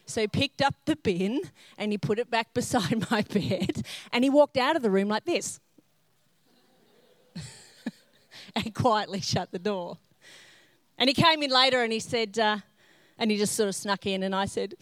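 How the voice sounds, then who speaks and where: A woman's voice: mid-range voice, a little slow, long pauses, dry recording. A middle-aged woman preaching a sermon, telling self-mocking stories and acting out the scenes. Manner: self-mocking humorous storytelling; animated, acts out scenes in character. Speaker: pastor.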